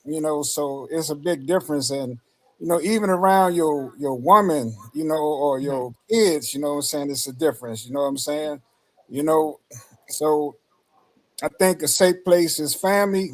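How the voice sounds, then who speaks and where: Laid-back slangy man, higher voice. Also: moderate pace, poor audio. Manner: laid-back, slangy, repeats "you know what I'm saying". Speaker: panel guest. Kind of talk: casual discussion.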